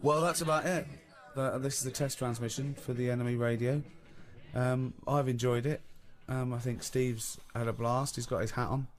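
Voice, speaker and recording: A man's voice: medium pitch, fairly even intonation, normal speed. An English man hosting a casual radio chat, teasing and incredulous. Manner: incredulous, teasing, laughs often. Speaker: radio host.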